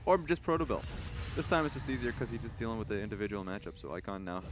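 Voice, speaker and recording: Fast-talking low-voiced esports analyst. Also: male voice, lively intonation, music in the background. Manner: fast analytical talk with fillers, acts out players' thoughts. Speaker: esports color commentator.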